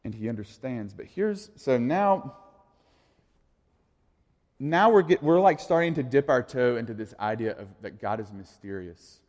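A man's voice: mid-range voice, animated, a little slow, darkish tone. A man in his thirties giving a casual, conversational sermon as a youth pastor, in an echoey hall. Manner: casual, conversational, full of "like" and restarts.

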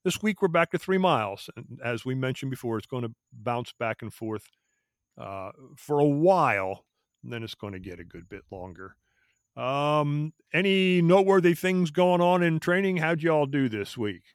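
A man's voice: on the high side, animated, normal speed, no room sound, studio quality. A man from the Philadelphia area hosting a casual running podcast in a friendly, folksy way. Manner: friendly, folksy, asks questions to the group. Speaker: podcast host. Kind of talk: casual chat.

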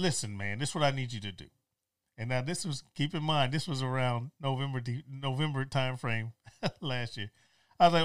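Animated joking middle-aged man. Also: medium pitch, brisk. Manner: animated, street-wise, acts out both sides of calls; blunt and joking. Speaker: storyteller. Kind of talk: casual storytelling.

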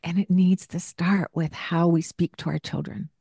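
An older woman hosting a parenting podcast, giving gentle coaching in a soft-spoken way and laughing often. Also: lowish voice, fairly even intonation, normal speed, gravelly, slightly rough, no room sound, clean studio sound.

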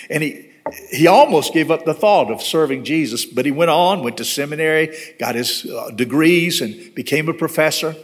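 Pastor preaching an animated sermon. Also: male voice, a little high, moderate pace. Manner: earnest, ends in prayer. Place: church sanctuary.

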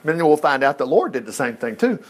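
Folksy high-voiced man preaching. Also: fast talker, breathy edge. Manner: folksy, animated storytelling with asides and chuckles. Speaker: pastor. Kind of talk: sermon.

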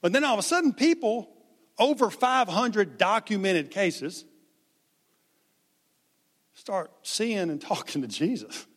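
A man's voice: sits high, slow, pauses often, in a large hall. A man giving a sermon as pastor, talking conversationally and acting out the people in the story. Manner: conversational, animated, acts out quotes.

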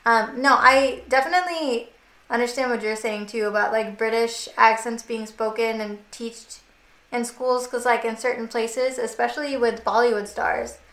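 A woman's voice: a little high, fairly even intonation, normal speed, fairly bright tone, echoey room. A young woman co-hosting a casual chat, talking loosely with lots of "like". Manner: chatty, fillers of "like".

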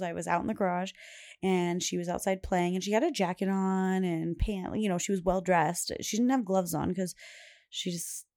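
A young woman talks casually as a podcast host, rambling through everyday stories and laughing often. Her voice sits a bit low for a woman. The sound is dry and close, with no room echo. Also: darkish tone. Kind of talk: casual chat.

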